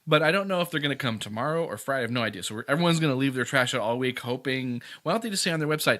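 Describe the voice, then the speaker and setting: A man in his thirties co-hosting a podcast in casual chat, ranting with big swings in loudness when annoyed. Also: medium pitch, lively intonation, very fast, few pauses. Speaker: podcast co-host.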